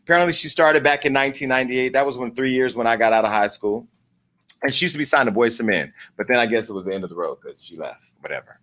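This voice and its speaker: A man's voice: mid-range voice, expressive, fast talker, fairly bright tone, a little hiss or hum. A man hosting his own comedic celebrity gossip show, sassy, profane and theatrical in his delivery. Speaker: host. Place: home studio with lights.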